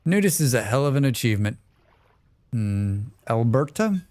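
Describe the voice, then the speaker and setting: Man, stream host, chatty and joking, reads chat out loud, dry close mic. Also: mid-range voice, very animated, normal speed, dry recording. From Canada. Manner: joking, reads chat aloud, rambling asides. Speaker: livestream host. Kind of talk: casual livestream chat while gaming.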